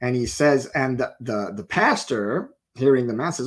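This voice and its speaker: A middle-aged man preaching a sermon, telling a story and acting out the people in it with lively voices. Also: medium pitch, moderate pace, hardly any pauses. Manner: animated storyteller acting out characters.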